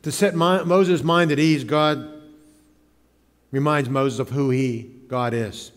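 A man's voice: medium pitch, steady tone, takes it slowly. A man preaching a sermon as pastor, dramatic, acting out the voices he quotes. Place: church sanctuary. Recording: church hall reverb.

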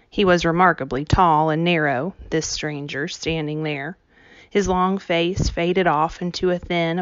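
A woman reading a novel aloud in a measured storytelling way. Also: fairly low pitch, no room sound, dull audio. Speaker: audiobook reader.

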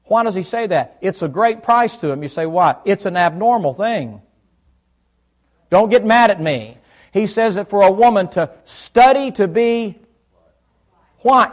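A middle-aged man, preaching a folksy sermon in church and quizzing his listeners. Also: high-pitched. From United States South. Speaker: pastor.

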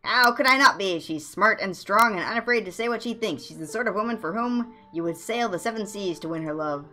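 A woman's voice: lowish voice, brisk, close to an everyday voice. Woman doing a lovesick young bard. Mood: gushing. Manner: gushing, theatrical, sea metaphors. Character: lovesick young male bard, dreamy and flowery.

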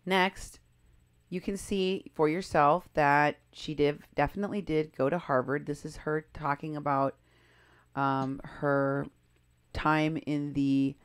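Woman commentator, low voice, emphatic and doubtful delivery. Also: fairly even intonation, takes it slowly, clean tone. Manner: emphatic, skeptical, stressing key words. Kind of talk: commentary on clips and posts.

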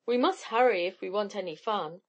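A woman's voice: mid-range voice, a little fast, highs cut off, natural voice. A woman voicing a wily older schoolgirl who speaks hastily and slightingly. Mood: dismissive. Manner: hasty, slighting. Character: scheming, dismissive older schoolgirl.

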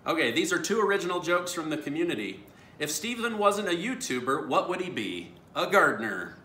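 A man reads dad jokes for his family video, chuckling at each punchline. His voice is bright and swings up and down a lot. The room is echoey, with a little noise underneath. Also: fairly high pitch, sing-song, a little fast. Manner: laughs at his own jokes. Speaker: YouTube host reading viewer dad jokes. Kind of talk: casual family vlog.

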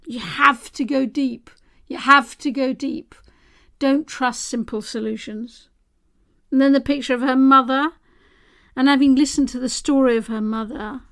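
Slow, gravelly-voiced woman host. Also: a little high. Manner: slow, deliberate, warm sign-off. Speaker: podcast host. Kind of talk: reflective summary.

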